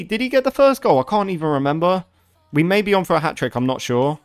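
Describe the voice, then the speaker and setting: Excitable man commentating gameplay. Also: a little high, a little fast. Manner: excitable, swears often, shouts at big moments. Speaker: gaming video creator.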